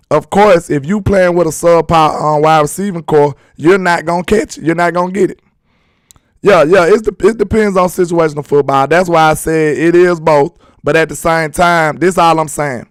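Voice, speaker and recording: Male sports stream host, talks slangy and emphatic to his viewers, slightly raised pitch and a touch hoarse, dry booth sound. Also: dry recording. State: voice strained and a little hoarse. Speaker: sports talk livestream host. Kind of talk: casual sports commentary, reading chat.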